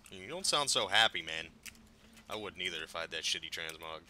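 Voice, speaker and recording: A man with a low, very bright, sharp voice, chatting through his gameplay. He rambles, swears freely and jumps from calm to loud outbursts. A faint hiss runs behind him. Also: fairly quick. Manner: profane, excitable, rambling. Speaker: gameplay commentator. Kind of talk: casual let's-play commentary.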